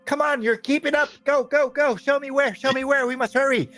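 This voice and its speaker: A man voicing a short, round female goblin healer who is brisk, bossy and always in a hurry. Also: steady tone, fairly bright tone, no echo. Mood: urgent. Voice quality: shrill, hurried, bossy.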